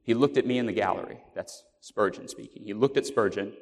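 A man's voice: fairly low pitch, a little fast. A man preaching a sermon, telling a story earnestly with fillers and restarts. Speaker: pastor. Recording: long hall reverb.

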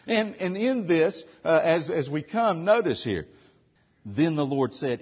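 A pastor preaches a sermon, posing rhetorical questions and hammering points home, shifting from loud to soft. His voice is on the high side, very animated, unhurried, and breathy-edged. The audio sounds dull.

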